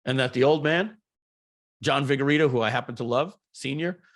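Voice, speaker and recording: Middle-aged man, podcast guest, animated, rambling storyteller, mid-pitched voice. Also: fairly quick. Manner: animated, rambling, repeats words while telling stories. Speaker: guest entrepreneur.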